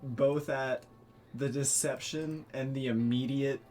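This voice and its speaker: Give me a casual, mid-pitched man as game master who laughs easily. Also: steady tone, slow. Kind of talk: narrating a tabletop game.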